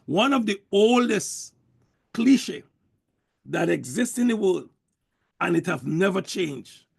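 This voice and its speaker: A man delivers a motivational sales pep talk in a high, gravelly voice. He is preachy and emphatic and hammers the same points again and again. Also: sing-song, takes it slowly. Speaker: network marketing speaker.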